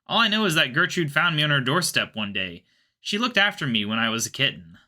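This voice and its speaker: A man's voice: on the high side, very animated, fairly quick, bright, forceful tone, voice pushed up, exaggerated voice. A man reading aloud as a lovesick young tomcat, speaking earnestly. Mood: wistful.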